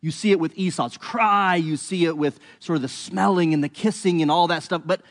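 A man teaching a bible passage, telling the story in an animated, conversational way. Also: on the high side, fairly quick, big-room sound.

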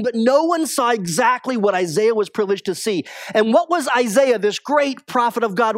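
Dry-sounding man preaching with hushed swings. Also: dry recording. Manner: swings between raised urgency and hushed low tones. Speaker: pastor. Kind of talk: sermon.

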